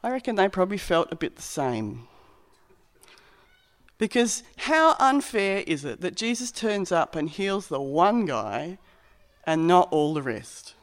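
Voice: mid-range voice, sing-song, a little slow. A preacher giving a sermon in a conversational, reflective way.

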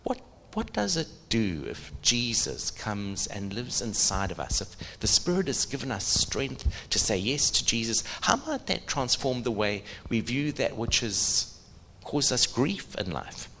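A middle-aged man preaching a sermon, animated, asking the audience questions. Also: medium pitch, unhurried, slight background noise.

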